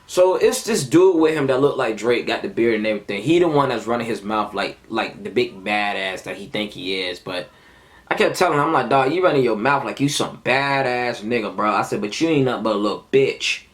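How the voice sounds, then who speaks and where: A man's voice: on the low side, brisk. A man in his twenties telling a heated, profane story of a fight at work in a casual vlog. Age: 20s. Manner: animated, profane, heated retelling. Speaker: vlogger.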